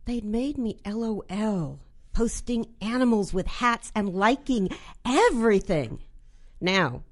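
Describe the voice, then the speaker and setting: A woman author from Los Angeles, reading her short fiction in a deadpan way and then chatting as a radio guest. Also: mid-range voice, slow pace. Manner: deadpan reading, laughing in chat.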